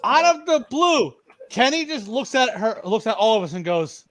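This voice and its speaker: High-voiced man rambling through stories. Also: very animated, moderate pace, a bit bright, slight background noise. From Massachusetts. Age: 30s. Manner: rambling, profane, repeats himself. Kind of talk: casual voice chat storytelling.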